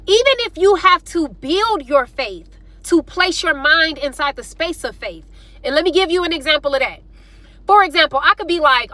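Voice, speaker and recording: A woman's voice: high-pitched, animated, normal speed, sharp tone, no echo. A young woman giving casual faith-based advice to her viewers in a chatty, informal way. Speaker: vlogger.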